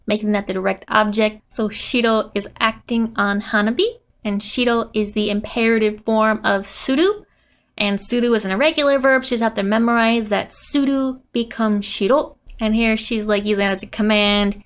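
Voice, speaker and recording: A woman casually teaching a Japanese lesson, laughing often and acting out quoted lines in animated voices. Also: on the high side, normal speed.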